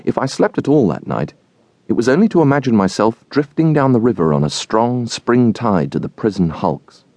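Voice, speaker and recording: A man narrating a classic novel as an audiobook, in an expressive storytelling manner. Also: medium pitch, normal speed, no echo.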